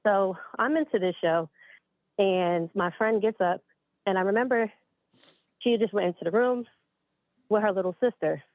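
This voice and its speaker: Over a dry, tinny phone line with no echo, a caller in her late twenties from upstate New York chats her way through a spooky story, a little out of breath and talking to "you guys." She speaks at normal speed in a medium pitch, leaving long pauses.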